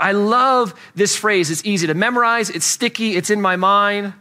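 A pastor preaching a sermon, earnest and conversational, repeating key phrases for emphasis. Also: male voice, high-pitched, normal speed, few pauses, bright, forceful tone.

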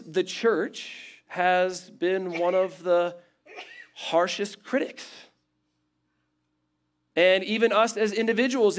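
A man preaching a sermon as pastor, building emphatic repeated phrases and then dropping to a quiet, low close.

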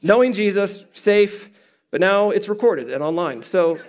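A male pastor with a high voice preaches a sermon in an animated, playful way. He jokes with his listeners as he teaches, and his voice climbs as he gets excited. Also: a little slow, a little hiss or hum.

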